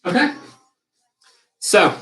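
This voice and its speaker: A man's voice: drawn-out words, a bit bright, faint music behind. A young man coaching a live online circuit class, cueing exercises with light banter. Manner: upbeat, instructive cueing with banter. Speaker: fitness instructor. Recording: echoey room.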